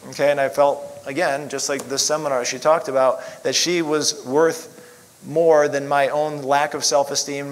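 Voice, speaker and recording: A middle-aged man, a chiropractor, gives a casual personal testimony in a mid-range voice over a rough recording. He rambles through his story, leaning heavily on fillers like "you know."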